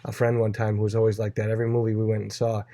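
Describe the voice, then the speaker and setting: A man's voice: on the low side, completely flat delivery, racing, warm tone. A man teaching a casual Bible lesson, chatty, with many fillers, acting out quoted lines in playful voices.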